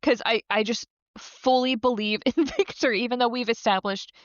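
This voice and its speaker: A woman's voice: a little high, fairly even intonation, normal speed, no room sound, lo-fi sound. A woman co-hosting a podcast, chatting in an easygoing way and laughing along. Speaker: podcast co-host. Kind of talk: casual recap chat.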